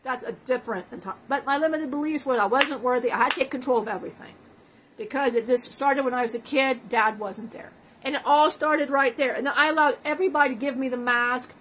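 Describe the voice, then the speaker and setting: Spirit of a crude, wisecracking dead man, channeled by a woman; high, profane, self-mocking. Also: a little fast, fairly bright tone, slight background noise, poor audio. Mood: brash joking.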